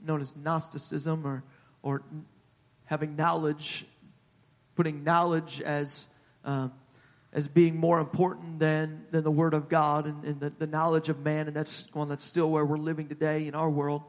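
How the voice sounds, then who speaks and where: A man preaching a sermon to his congregation in a church, repeating words as he builds and rising in pitch and volume at the high points. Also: level tone, a little slow. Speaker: pastor. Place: church sanctuary. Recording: long hall reverb.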